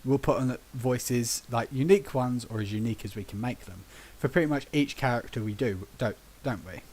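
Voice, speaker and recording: A British man hosts a casual podcast, telling tabletop game stories in a mid-range voice that runs a little fast with a breathy edge. He's an animated storyteller who acts out quotes and laughs often.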